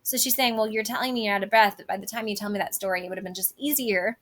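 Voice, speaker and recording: A woman's voice: mid-range voice, racing, few pauses, a bit bright. A woman teacher casually explaining a play scene in her own words, with many fillers.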